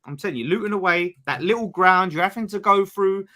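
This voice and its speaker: A man on a casual football podcast, boastful and animated, bantering and swearing. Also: high voice, brisk. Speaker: podcast panelist.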